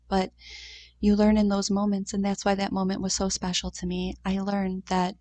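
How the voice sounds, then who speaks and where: A woman in her thirties telling a personal story in a heartfelt, conversational way, with short pauses and fillers. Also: mid-range voice, monotone, mellow. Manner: heartfelt, conversational, acts out quoted voices. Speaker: mother sharing a grief story.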